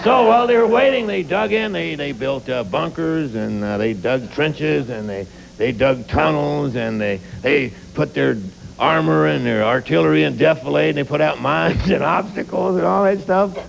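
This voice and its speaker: A middle-aged man doing a sarcastic stand-up routine and talk-show banter, with punchy delivery and quick asides. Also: a little high, expressive, vocal fry, low-quality recording. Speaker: stand-up comedian and guest. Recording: TV studio taping with audience laughter and hiss.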